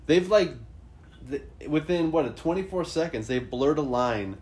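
A man's voice: a little high, moderate pace. A man co-hosting a podcast, reacting to videos in casual, profane, wry chat. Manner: wry, swearing, lively reactions. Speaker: podcast co-host. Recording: faint background noise.

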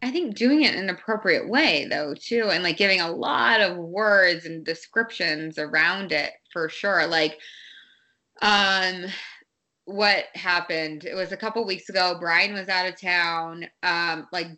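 A woman's voice: lowish voice, a little slow, sharp tone. A woman in her thirties, a mother talking candidly about parenting in a casual conversation, with many fillers and restarts. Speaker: guest, parent.

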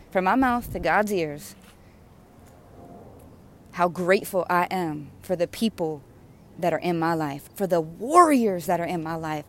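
A woman's voice: fairly low pitch, slight background noise. A woman delivering an impassioned, rhythmic spiritual sermon, repeating phrases with growing fervor. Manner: repetitive, rhythmic, fervent preaching. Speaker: spiritual speaker.

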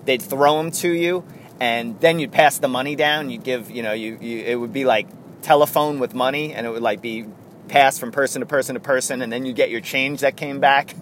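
A man's voice: mid-range voice, steady tone, fairly quick, a bit bright, slight background noise. A man hosting a casual chat, telling stories in a rambling way and laughing often. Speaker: podcast host.

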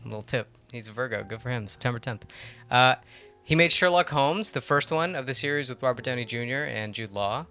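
A man hosts a loose, casual conversation about films, wandering off on tangents and laughing easily. His voice is bright. Soft guitar music plays faintly behind him. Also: medium pitch, animated, clean tone. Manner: rambling, laughs often, quick tangents. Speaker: podcast host. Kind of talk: casual movie-discussion chat.

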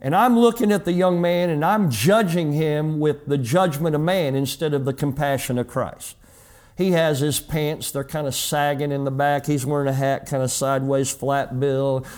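Man, pastor, sermon, high-pitched, middle-aged, acts out dialogue. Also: steady tone, normal speed, a little mellow. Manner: storytelling, acts out dialogue in changing voices. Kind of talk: sermon with personal story.

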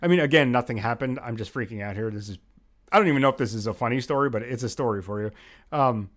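A man's voice: mid-range voice, fast talker. A man hosting a podcast, telling a long personal story in a casual, rambling way with lots of fillers and restarts. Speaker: podcast host.

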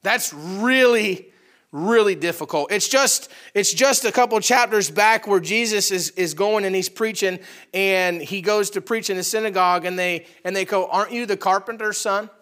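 A man with a high, bright, ringing voice preaches a sermon. He talks straight to the congregation in a casual, conversational way, rising to loud, animated bursts and dropping to quiet asides. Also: moderate pace. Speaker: pastor.

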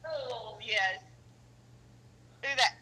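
A woman with a Southern US accent, joining a casual podcast chat in an unhurried drawl. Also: fairly high pitch, bright, forceful tone, a little hiss or hum.

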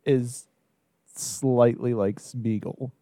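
A man's voice: medium pitch, fairly even intonation, very slow, mellow, dry recording. A man hosting a podcast, easygoing in a casual brainstorming chat, laughing often and asking his guest questions. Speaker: podcast host.

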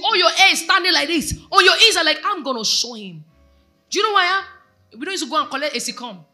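A Nigerian woman pastor delivers a sermon in a bright, forceful voice that rises and falls dramatically. She exhorts the congregation and keeps throwing questions at them, her pitch sitting a little high. Soft music plays faintly behind her. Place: church.

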